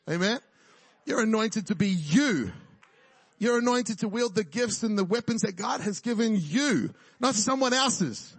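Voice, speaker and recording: High-voiced joking preacher. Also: male voice, lively intonation, a little slow, breathy edge, no echo. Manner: jokey, conversational preaching with frequent "right?" and laughs. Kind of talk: sermon.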